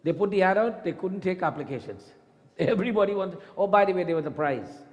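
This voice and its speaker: High-voiced man telling a temple sermon story. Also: fairly quick, lo-fi sound. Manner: lively storyteller who acts out the story voices. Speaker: Hindu temple priest. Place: temple hall. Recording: long reverb in a temple hall.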